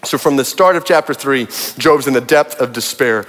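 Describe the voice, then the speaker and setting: Pastor, male, mid-pitched, preaching to a congregation, big reverberant hall. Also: normal speed, a bit bright. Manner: preaching with rising intensity, reading scripture aloud. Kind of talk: sermon. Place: large church auditorium.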